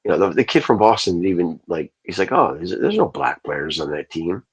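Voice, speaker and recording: Male livestream host, low husky voice, loose profane storyteller. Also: sing-song, fairly quick. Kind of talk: casual ranting livestream.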